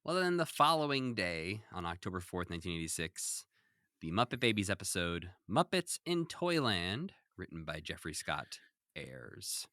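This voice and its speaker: A man's voice: sits low, sing-song, normal speed, bright, forceful tone, dry recording, clean studio sound. A man co-hosting a podcast, recapping a cartoon episode in casual chat and acting out quoted lines. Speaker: podcast co-host.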